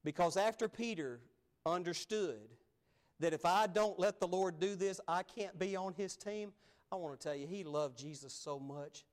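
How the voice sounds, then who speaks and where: A male pastor preaching a sermon in an animated, emphatic way, acting out the scripture he reads. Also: high voice, normal speed.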